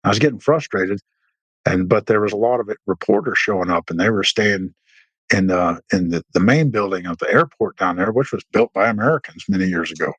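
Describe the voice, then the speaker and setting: Brisk and a bit bright, with a husky voice, this middle-aged man is a military veteran guest swapping war stories in a laid-back storytelling interview. His telling is rambling and anecdotal, with many restarts and fillers, and he acts out dialogue at a higher pitch. The audio is dry and rough.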